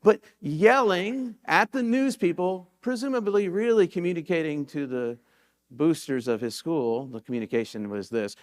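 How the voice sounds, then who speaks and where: A man's voice: on the high side, expressive, moderate pace. A man pastor giving a sermon in a church sanctuary, telling stories in a conversational way and rising into sudden emphatic peaks.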